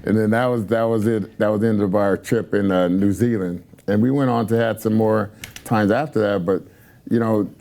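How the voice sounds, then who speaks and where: Male panel guest, mellow low tone, chatty and laughing. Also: fairly even intonation, normal speed, creaky. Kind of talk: casual storytelling on a talk show.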